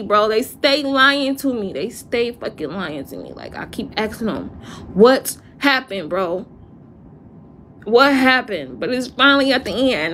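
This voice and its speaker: A woman livestreaming an emotional monologue, upset and distressed, speaking haltingly, repeating phrases and trailing off into sighs. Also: fairly high pitch, fairly bright tone, slight background noise.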